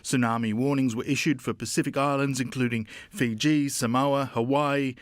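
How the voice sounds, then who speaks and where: A man's voice: medium pitch, fairly even intonation, no echo. Male news reporter narrating. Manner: measured, formal delivery.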